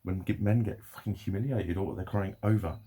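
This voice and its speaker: A man's voice: sits low, fairly quick, warm tone, husky. A young man ranting to camera in a sweary, rambling, heated way. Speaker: vlogger.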